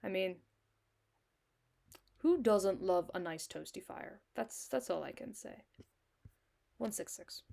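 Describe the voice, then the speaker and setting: A woman's voice: medium pitch, lively intonation, unhurried, gravelly, pauses often, mellow. An Irish woman streaming a solo tabletop game, narrating and breaking off into chatty, self-mocking asides.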